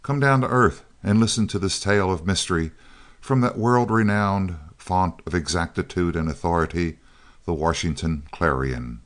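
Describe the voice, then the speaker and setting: A man's voice: sits low, normal speed, natural voice. A man reading the lines of a breezy, joking male friend with a teasing manner in an audiobook.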